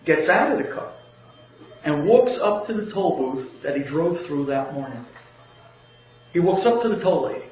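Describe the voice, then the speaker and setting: A man tells a humorous inspirational story, animated and chuckling as he goes. His voice sits fairly high. The recording is lo-fi and dull, with a heavy, roomy echo. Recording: very echoey, dull lo-fi audio.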